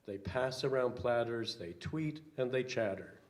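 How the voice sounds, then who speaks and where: An older minister reads a children's picture book to his congregation. He speaks at a very slow, unhurried pace with a middling pitch, pausing with little fillers. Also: a little mellow. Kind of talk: reading a children's story aloud.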